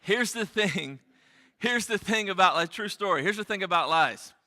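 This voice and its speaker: A man's voice: high-pitched, expressive, moderate pace, pushed and bright. Pastor guy preaching, earnest, repeats stuff, long churchy reverb. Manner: earnest, repeats phrases for emphasis. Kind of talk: sermon. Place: church sanctuary.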